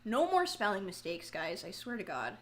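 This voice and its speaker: She's very animated and talks at a moderate pace in a medium-pitched voice as she paints a pumpkin live for her viewers. The chat is casual and self-mocking, full of free swearing and loud, frustrated outcries.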